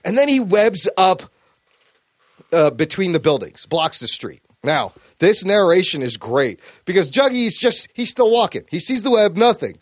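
A man hosts a casual podcast, animated and swearing freely as he recaps a story. His voice is high for a man and very lively in pitch. The sound is dry and close. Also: normal speed, no echo. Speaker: podcast host.

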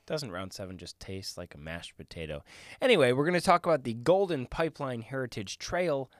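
A man's voice: mid-range voice, big pitch swings, brisk. A man co-hosting a casual podcast, reading facts with wry joking asides. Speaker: co-host.

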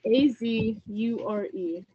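A woman's voice: on the high side, slow pace, noisy background. A woman co-hosting a podcast in casual chat, playful and easygoing. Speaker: podcast co-host. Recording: slightly muffled podcast audio.

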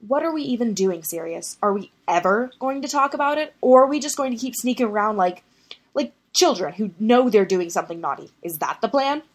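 A woman's voice: medium pitch, animated, brisk, breathy edge. A woman voicing a frustrated, pleading young man in an audiobook reading of a story.

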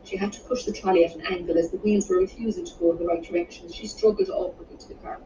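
A woman narrates her own romance novel in a steady, unhurried reading voice. She sits some way from the mic in a roomy space, and the sound is dull and muffled. Steady background noise runs under her. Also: mid-range voice, recorded from a distance. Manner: measured, unhurried reading with small restarts. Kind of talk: audiobook narration.

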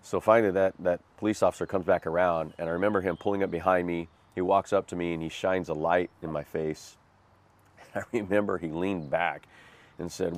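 Telling of a difficult period in his life, this man offers an earnest, self-deprecating testimony as a guest, bringing events to life with rueful laughter. He speaks at normal speed in a low voice with fairly even intonation.

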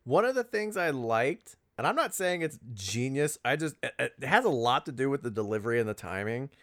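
A man's voice: mid-range voice, sing-song, brisk, fairly bright tone. A man in casual conversation about a film, analytical, often restarting his sentences and quoting scenes. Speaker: podcast co-host.

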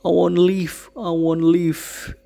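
Brief: man reading as a small, frightened older man, whimpering, childlike, raised pitch. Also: little pitch movement, slow, creaky, mellow, exaggerated voice. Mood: pleading. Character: frail frightened old man pleading to stay.

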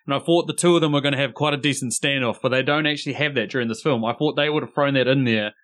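A man hosting a casual podcast conversation in a mid-range voice. He lays out his thoughts at length, rambling a little, in a relaxed way. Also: mid-range voice, rapid-fire. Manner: relaxed, rambling, talks through his points. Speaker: podcast host. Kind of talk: casual chat.

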